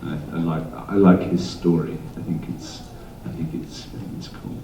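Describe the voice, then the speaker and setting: A man's voice: low-pitched, lively intonation, normal speed, vocal fry, warm tone, slight background noise. A man from England, a guest actor on a convention panel, chatting casually and rambling, with many restarts and laughs. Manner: rambling, self-correcting, laughing. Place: large convention hall. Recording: echoey hall from far off.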